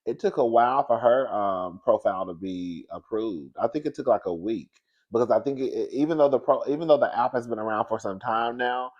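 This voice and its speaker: Man, sassy gossip host, animated, frequent laughter. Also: mid-range voice, brisk, lo-fi sound. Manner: animated, sassy, laughs often, calls listeners girl and baby. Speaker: commentary show host. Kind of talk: casual gossip commentary.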